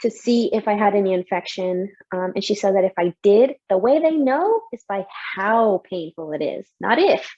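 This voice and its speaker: A young mother shares her experience in an open, emotional way, with frequent laughs. Her voice is mellow and soft-edged. The recording sounds dull and slightly lo-fi. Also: medium pitch, moderate pace, hardly any pauses. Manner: emotional, lively, laughs often. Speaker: interviewee, mother. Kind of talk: candid personal story.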